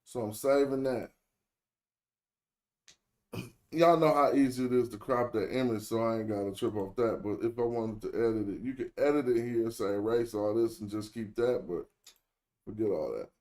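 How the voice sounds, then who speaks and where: A man walks viewers through a casual screen-share tutorial in an easy middle-pitched voice. He rambles in a slangy way and stops to fix his own words as he goes. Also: normal speed, a little mellow. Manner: loose, rambling, corrects himself mid-sentence; slangy, chatty address to viewers. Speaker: online tutorial host.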